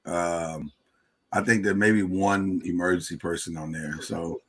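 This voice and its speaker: A man's voice: low voice, a little slow. A man co-hosting a podcast, telling a story in casual chat and acting out the people in it. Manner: animated storytelling, acts out quotes. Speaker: podcast co-host.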